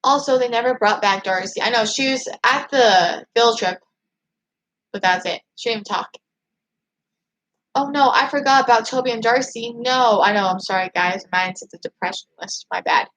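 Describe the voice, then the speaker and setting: A woman hosting a casual livestream, chatting and reading viewer comments aloud. She rambles excitably, restarting her sentences often. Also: on the high side, moderate pace, a little hiss or hum, low-quality recording. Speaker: YouTube channel host.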